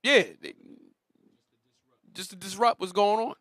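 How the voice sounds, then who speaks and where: An emphatic male teacher leads a religious class, repeating his points and calling on the reader. He has a fairly high voice. The sound is dry and close. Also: unhurried, fairly bright tone, no echo. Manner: emphatic, repetitive, directs the reader. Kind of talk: religious lesson.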